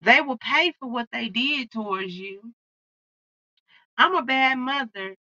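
Bright, profane tarot-reading woman. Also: on the high side, measured pace, no echo, lo-fi sound. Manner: blunt, profane, fired-up channeling. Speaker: tarot card reader. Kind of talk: casual tarot reading to viewers.

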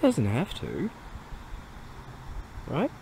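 A man's voice: fairly high pitch, huge pitch swings, extremely slow, gravelly, dark tone, a little hiss or hum, rough recording. Rambling, chuckling man vlogging outdoors. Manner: laughing, rambling storyteller with many fillers. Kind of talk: casual rambling monologue.

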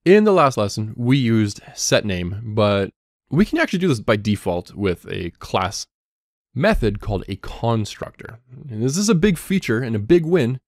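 A man's voice: moderate pace, no echo, studio quality. A man teaching a coding lesson, explaining step by step and reading code aloud as he types. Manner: lively ups and downs in pitch. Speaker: coding instructor.

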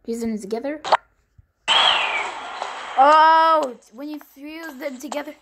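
A young woman commenting as she plays a horror game, jumpy and swearing, with sudden high shrieks when startled. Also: fairly even intonation, unhurried, long pauses. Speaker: gamer playing a horror game. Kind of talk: let's play commentary. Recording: loud background noise, mic clicks.

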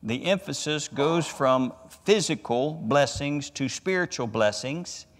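Preaching a Bible study sermon in a church sanctuary, a male pastor speaks slowly and measuredly, pausing between phrases in a slightly high, animated voice. He reads scripture with deliberate care and drives his key points home with emphatic rises. The church hall gives his voice a long reverb.

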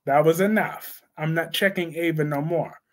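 A young man with a high voice hosts a live stream about soap operas. He reads viewer comments aloud, reacts with sudden bursts of excitement, and talks in a loose, slangy way. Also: normal speed. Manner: animated, laughing, slangy, reacts loudly to chat.

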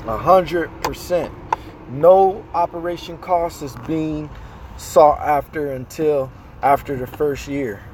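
A man hosts a casual live chat from inside a car, his talk loose, slangy and animated. His voice sits fairly high, and a faint hum of city noise hangs behind him. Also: slow. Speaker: host.

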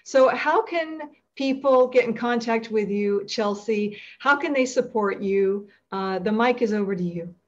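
A woman's voice: on the high side, measured pace, hardly any pauses. Gushing woman host, slightly dull recording. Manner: effusive, gushing, stammering restarts. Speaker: talk show host. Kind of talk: interview hosting.

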